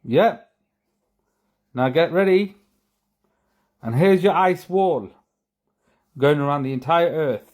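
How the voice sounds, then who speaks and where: A man's voice: fairly high pitch, slow pace, long pauses, a little mellow. Sarcastic man narrating a screen share. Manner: sarcastic, mocking. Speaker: video host.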